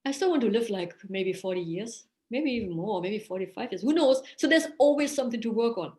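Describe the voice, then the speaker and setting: A higher-voiced woman, a therapist talking in an earnest, animated way that sometimes sinks to a murmur. Her voice rings around an echoey room. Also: fairly quick. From Germany. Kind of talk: casual podcast conversation.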